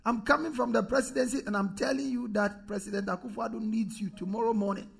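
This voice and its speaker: A proud angel messenger, indignant and commanding, scolding in a high, gravelly voice, as a preacher puts him on. The tone is husky and emphatic, with every claim of rank pressed hard. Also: male voice, fairly even intonation, fast, exaggerated voice.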